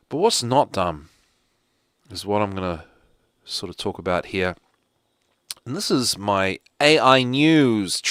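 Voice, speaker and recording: A man's voice: lowish voice, fairly bright tone, no room sound, studio quality. A man hosting a live show from home, rambling casually with joking asides. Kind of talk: casual rambling livestream talk.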